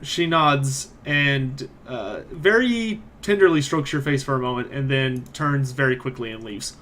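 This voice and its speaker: A man narrating a tabletop role-playing game as game master, moving quickly between narration and character lines. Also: medium pitch, a bit bright, slight background noise.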